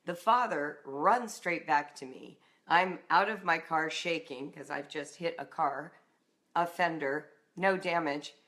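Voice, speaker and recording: A middle-aged woman from Southern California tells a personal story. She talks in a slightly low voice and stays animated, acting out the voices of the people in the story. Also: a little slow. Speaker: writing and homeschooling coach.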